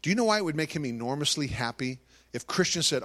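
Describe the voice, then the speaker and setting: A man's voice: a little high, animated, fast, fairly bright tone. A man giving a live talk to an audience as a Christian ministry speaker, telling stories animatedly and acting out conversations.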